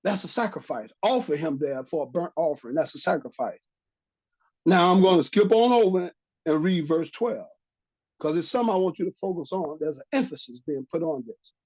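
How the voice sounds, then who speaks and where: Scripture teaching monologue, emphatic repetition, animated pitch, lo-fi sound. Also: normal speed. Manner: reads scripture aloud then repeats key phrases for emphasis. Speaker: religious teacher. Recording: dull lo-fi recording.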